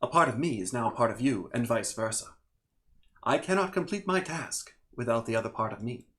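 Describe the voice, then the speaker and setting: A man voicing a calm male air elemental spirit who speaks softly and slowly. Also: mid-range voice, natural voice. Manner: slow, soft, calm.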